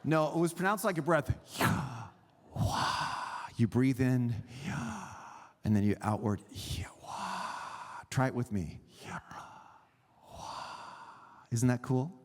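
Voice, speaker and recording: A man preaching a sermon as a pastor, teaching in an animated way with pauses and emphasis. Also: mid-range voice, big-room sound. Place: church sanctuary.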